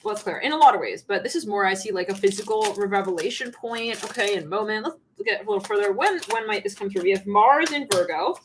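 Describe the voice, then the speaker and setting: A woman's voice: medium pitch, animated, fast, hardly any pauses, slight background noise. A woman giving a channeled tarot reading on a livestream, rambling and laughing often. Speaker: tarot reader.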